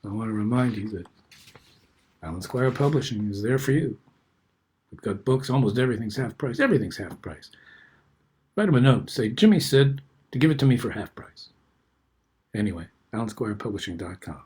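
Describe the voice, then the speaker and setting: An older man, host of the show, reading his own personal essays aloud in a reflective, unhurried way. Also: fairly low pitch, animated, dark tone, breathy edge.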